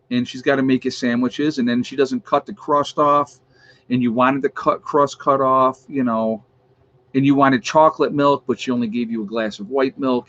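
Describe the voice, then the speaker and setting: A man's voice: medium pitch, normal speed, a bit bright, muffled recording. A man from New York State hosting his own channel's livestream, chatting casually and with amusement as he reads out viewers' locations and teases trolls. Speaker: YouTube channel host.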